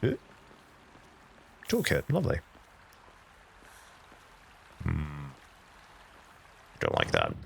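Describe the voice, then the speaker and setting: A man's voice: low-pitched, lively intonation, slow, long pauses, sharp tone, a little hiss or hum. A man streaming a game live, reading in-game documents aloud and chatting with his viewers in a rambling, casual way. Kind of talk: casual live-stream chat while playing.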